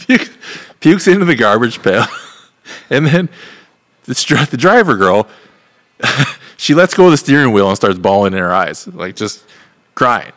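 A man's voice: medium pitch, big pitch swings, unhurried, pauses often, a bit bright. A man co-hosting a podcast, telling a rambling, profane story with laughs in a casual chat. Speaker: podcast co-host.

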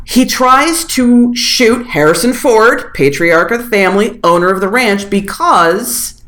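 A woman podcast host talking in casual chat, recapping with sarcasm and a lot of profanity. Her voice swoops up and down with lively energy, and the sound rings a bit in a roomy, echoey space. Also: medium pitch, measured pace. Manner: animated, sarcastic, profane storytelling. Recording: roomy echo.

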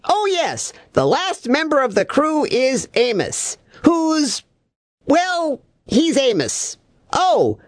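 Clueless male reviewer, voiced by a woman: chirpy, lively sing-song pitch, dry close sound, absent-minded babble. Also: no echo. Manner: chirpy, absent-minded, malapropisms and doubled words. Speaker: comedic reviewer. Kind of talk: scripted comedy monologue.

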